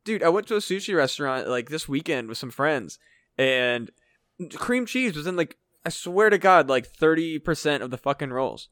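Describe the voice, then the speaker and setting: Ranting, profane podcast co-host, slightly high voice. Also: male voice, expressive, normal speed, a bit bright, no echo, studio quality. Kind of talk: casual podcast chat.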